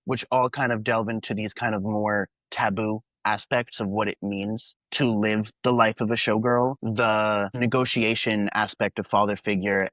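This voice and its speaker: A man's voice: fairly low pitch, fairly bright tone, no room sound, highs cut off. A young man hosting a podcast, chatting earnestly and at length about an album's songs and themes. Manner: earnest, talkative, quotes lyrics in character. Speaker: podcast host. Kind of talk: casual music review chat.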